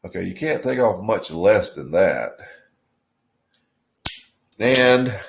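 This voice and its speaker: A man casually reviewing a cigar on his video channel, in a relaxed, musing way with many fillers. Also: lowish voice, slow pace, creaky, a little hiss or hum.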